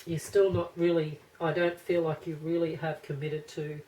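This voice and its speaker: Woman doing a tarot reading for camera, low voice, chatty and rambly, lots of restarts. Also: flat delivery, normal speed, warm tone, rough recording. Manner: rambling, chatty, thinks aloud with many restarts. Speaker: tarot card reader. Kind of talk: casual pick-a-card tarot reading.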